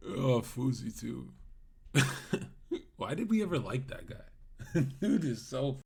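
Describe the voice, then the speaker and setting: A man's voice: medium pitch, very animated, takes it slowly, vocal fry, long pauses, a little mellow. A man streaming live, ranting at his chat in a brash, mocking way, swearing and laughing at his own jokes. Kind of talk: livestream rant.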